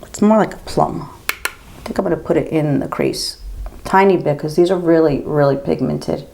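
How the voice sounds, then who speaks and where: A woman in her fifties tells a long, rambling story straight to the camera while she does her makeup, leaning on "girl" and "like" the whole way. Her voice sits low with a gravelly fry. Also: moderate pace, darkish tone, a little hiss or hum. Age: 50s. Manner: gossipy, rambling, says girl and like a lot. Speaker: makeup vlogger and nurse. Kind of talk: casual chatty storytelling while doing makeup.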